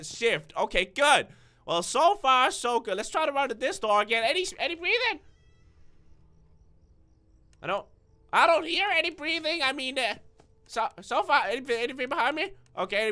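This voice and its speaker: Jittery high-voiced young man gaming. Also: sharp tone. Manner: nervous, stuttering and jumpy; bursts into screams at scares. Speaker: gaming video creator. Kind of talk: let's-play commentary.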